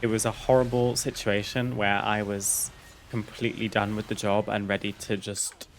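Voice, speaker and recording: Low-voiced man telling a candid story. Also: flat delivery, normal speed, slight background noise. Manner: chatty, candid, laughs and swears freely. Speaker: streamer. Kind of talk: casual storytelling over gameplay.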